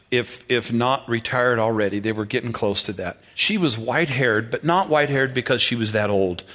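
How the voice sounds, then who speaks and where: A pastor preaching a sermon in a church, telling stories in a relaxed, conversational way and chuckling often. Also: male voice, mid-range voice.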